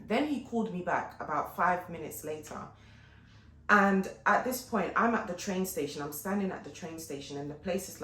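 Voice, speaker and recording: Chatty woman in an echoey room. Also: deep voice. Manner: animated, chatty retelling with frequent asides to viewers. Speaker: fashion and lifestyle vlogger. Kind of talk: casual storytelling vlog. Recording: echoey room with faint background noise.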